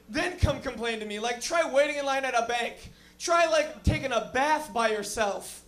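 High-voiced rambling stand-up comic. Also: male voice, moderate pace, few pauses, a bit bright. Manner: rambling, profane, frequent fillers. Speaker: stand-up comedian. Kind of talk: stand-up comedy set. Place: comedy lounge stage.

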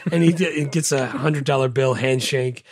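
A man's voice: medium pitch, steady tone, moderate pace, a little mellow. A man co-hosting a podcast in casual movie chat, animatedly acting out lines from a film in raised voices. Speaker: podcast co-host.

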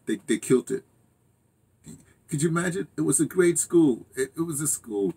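Older man, husky and rambling. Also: on the high side, animated, moderate pace, mellow. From United States. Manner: meandering, self-interrupting, chuckling asides. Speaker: channel host. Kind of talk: rambling casual monologue.

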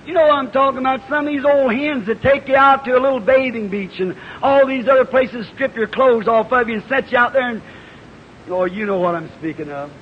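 A man preaching a fervent revival sermon, telling a parable in a storytelling way that rises into shouts. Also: very high-pitched, brisk. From United States. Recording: lo-fi 1950s hall recording with hiss.

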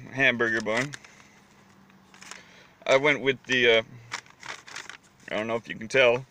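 A man's voice: mid-range voice, pushed and bright, a little hiss or hum. A man from Canada doing a casual food review vlog, eating as he talks and goofily repeating the same phrase over and over. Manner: goofy, repetitive, chanting the same phrase.

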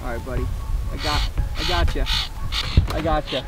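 Soft-spoken man with music behind. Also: a little high, normal speed. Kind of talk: casual vlog talk.

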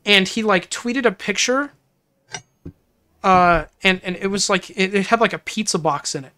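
A woman game streamer chats off the cuff with her audience, rambling from one thought to the next. She laughs easily and gets flustered, her voice sitting at a middling pitch. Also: moderate pace, bright, forceful tone. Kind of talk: casual livestream chat.

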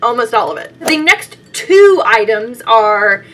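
A young woman talks through her favorite beauty products in a loose, chatty vlog style. She laughs often and leans on "like" as she goes. Her voice is bright and forceful and sits a bit high. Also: sing-song, measured pace, slight background noise. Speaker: beauty vlogger. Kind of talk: casual makeup favorites vlog.

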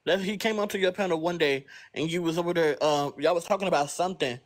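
Slightly high chatty man. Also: fast talker. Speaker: live stream panelist. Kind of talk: casual chat.

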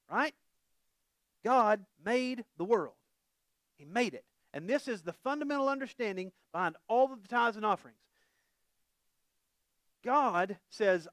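A man's voice: sits high, expressive, unhurried, long pauses, a bit bright, no echo, studio quality. A middle-aged man preaching a conversational sermon as pastor, folksy and quizzing the congregation with questions.

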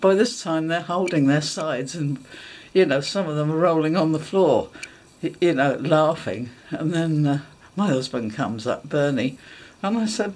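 A woman's voice: low voice, normal speed, a little mellow. A woman telling a funny personal anecdote in a chatty way, often laughing and acting out her own thoughts. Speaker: dog agility vlogger. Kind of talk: casual anecdote.

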